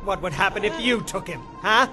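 A man's voice: lively intonation, a little fast. An actor playing a vicious male drug boss who uses children, hurling threats and sneering. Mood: contemptuous. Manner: shouting threats, then low menacing sneer. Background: music score.

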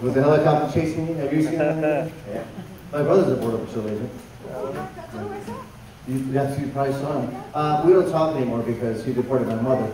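A man doing stand-up in front of a live audience, teasing and chatting with the crowd in a loud, playful way. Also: medium pitch, brisk, far from the mic. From El Paso, Texas. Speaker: stand-up comedian. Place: comedy show stage with a live audience. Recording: echoey live venue, mic from afar. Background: audience laughter and chatter.

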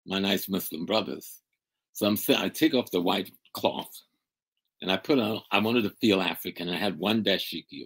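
An older man speaking as a guest on a video call interview. His voice is very low and husky. He tells his story dramatically, with loud emphatic bursts. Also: low-quality recording. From United States. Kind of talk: storytelling in a conversation.

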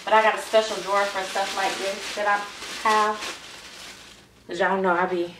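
A woman's voice: medium pitch, normal speed. A woman unboxing mail at home, gushing and gasping as she chatters. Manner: gushing, excitable, gasping and repeating phrases. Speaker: vlogger opening mail. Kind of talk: casual unboxing chat. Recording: noisy home recording.

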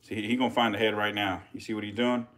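Excited man hyping up a feeding. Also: lowish voice, fast. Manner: excited, swearing, chatty with viewers. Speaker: reptile keeper streaming feedings. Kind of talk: casual live-stream commentary.

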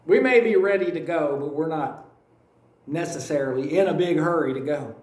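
High-voiced Kentucky preacher in an echoey church. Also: male voice, moderate pace, darkish tone. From United States. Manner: folksy storytelling with repeated phrases. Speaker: pastor. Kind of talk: sermon. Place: church sanctuary. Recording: echoey room, voice from a distance.

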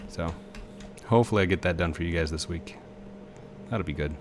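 A man's voice: deep voice, fairly quick, background noise. A man in his thirties giving casual, rambling commentary as he plays a video game, chatting to the objects on screen. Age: 30s. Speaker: let's play host.

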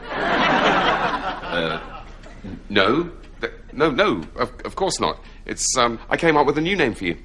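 A fussy, evasive Southern tailor with a Southern US accent, acted by a man. He stammers and dodges in a lively, up-and-down voice. This is sketch comedy. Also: medium pitch, slow, pauses often, heavy background noise, voice pushed up. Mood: flustered. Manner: flustered, evasive.

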